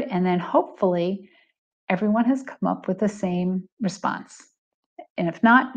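A woman's voice: mid-range voice, darkish tone. Woman, teacher trainer, step-by-step instruction, mid-range voice. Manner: clear step-by-step explaining. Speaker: Hebrew reading teacher trainer.

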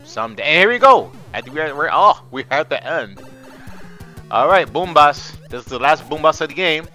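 Young man, gameplay commentary, excitable and chatty, bright forceful tone, bouncy pitch, slightly hoarse, faint game music behind. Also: moderate pace. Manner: excitable, chatty, talks to viewers as y'all, swears. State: hoarse from screaming. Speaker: gaming channel host.

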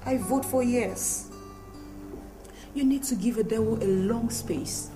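An actress with a Nigerian accent playing a scheming, jealous young woman who taunts and shouts insults. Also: on the high side, slow pace, soft background music, low-quality recording. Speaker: actor in a film drama.

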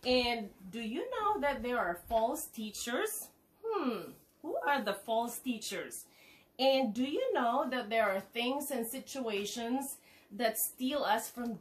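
A woman leads a children's liturgy in a fairly high voice. She asks simple questions and gives the group their prayer responses to repeat. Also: animated, takes it slowly. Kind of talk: teaching children, leading prayers.

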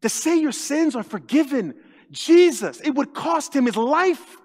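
High-voiced preaching man in a reverberant church. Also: unhurried. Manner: animated preaching, acts out quoted voices, jokes with the congregation. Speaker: lead pastor. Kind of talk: sermon. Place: church sanctuary.

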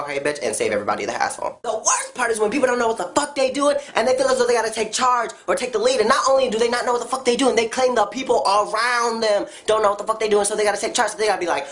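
A woman's voice: very fast, hardly any pauses. Blunt foul-mouthed woman ranting. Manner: blunt, swears constantly, animated jumps in pitch. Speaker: vlogger. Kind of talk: profane comedic rant to camera.

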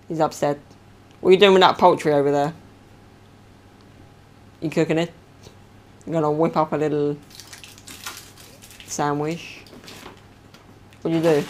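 A young Englishman vlogs from home, chatting casually and jokingly to a handheld camera, playfully throwing in sound effects. His voice is a little high, and there's slight background noise.

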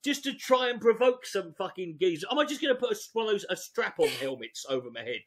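A man with a high voice that swoops wildly up and down as he reads from a book and riffs on it. His delivery is profane and rambling, with frequent off-the-cuff asides. The overall effect is a loose comedy reading. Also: sing-song, fast talker, fairly bright tone. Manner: profane, rambling, riffs between read passages. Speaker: host.

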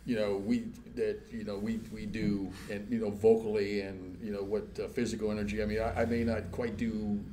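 A man, a rock musician guest, talking in a rambling, animated way with many restarts and casual swearing. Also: fairly low pitch, a little fast, hardly any pauses, a little hiss or hum. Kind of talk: casual interview chat.

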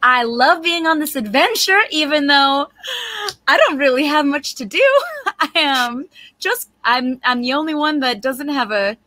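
A woman's voice: high-pitched, animated, a little slow, sharp tone, dry recording, exaggerated voice. A woman playing a confident, affected socialite with a put-on Southern American accent in a tabletop role-play. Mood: breezy. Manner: airy, air-kissing, affected. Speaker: player.

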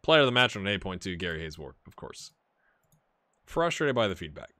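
Male let's-play host, bright voice, rambling and chatty, addresses viewers directly. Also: fairly low pitch, very animated, a little fast. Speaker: gaming channel host. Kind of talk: casual let's-play commentary.

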